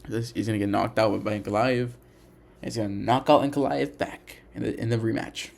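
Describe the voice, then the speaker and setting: A young man talking casually about fighters, animated and repetitive, often restarting his sentences and saying "bro" and "dude". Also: medium pitch. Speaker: MMA commentator. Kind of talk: casual opinion monologue.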